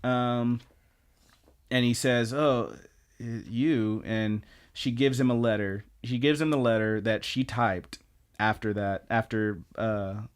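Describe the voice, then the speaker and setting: A man chatting on a podcast as he recaps episodes of a show. He tells the story in a lively, loose way, acting out bits and swearing casually. His voice sits at an ordinary middle pitch. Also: takes it slowly, smooth. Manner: animated storyteller, acts out lines, swears casually. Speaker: podcast co-host.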